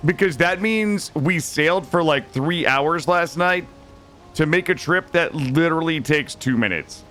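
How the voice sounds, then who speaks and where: A man's voice: a little high, a little slow, fairly bright tone, soft background music. A young man live-streaming a video game, talking anxiously and dramatically to his chat as he plays.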